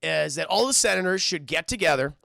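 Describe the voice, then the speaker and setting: A man's voice: a little high, lively intonation, a little fast, vocal fry, sharp tone, no room sound, clean studio sound, exaggerated voice. A man voicing a whiny, petulant young male Jedi in a mocking, sulky way.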